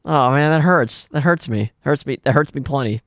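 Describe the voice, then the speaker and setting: A young man giving excited, swearing live commentary on computer fights, laughing often and tripping over his words. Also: mid-range voice, moderate pace. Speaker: gaming video host.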